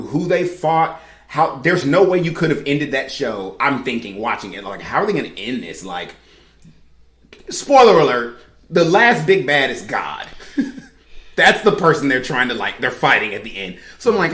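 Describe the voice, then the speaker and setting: A woman on a podcast panel, telling her story in an animated, emphatic way in casual chat. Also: a bass voice, normal speed, reverberant. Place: podcast studio room.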